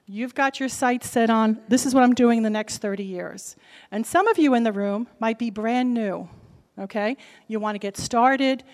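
A woman with a brassy New Jersey accent addresses a convention audience, her fairly high voice carrying through a large hall with a long echo. She talks direct and punchy, tossing "okay?" at the crowd between points like a seasoned seminar speaker. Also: moderate pace, a little mellow. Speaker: lender speaking at a real estate convention. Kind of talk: lively seminar talk to a live audience.

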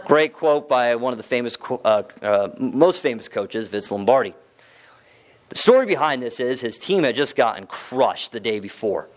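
A man's voice: medium pitch, lively intonation, normal speed. A man giving a casual, conversational talk to a live audience, often asking them questions and using fillers. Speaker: real estate investment speaker.

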